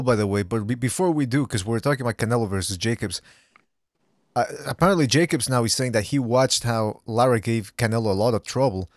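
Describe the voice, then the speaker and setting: A man hosting a casual boxing podcast, steering the talk and swearing casually. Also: mid-range voice. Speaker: podcast host.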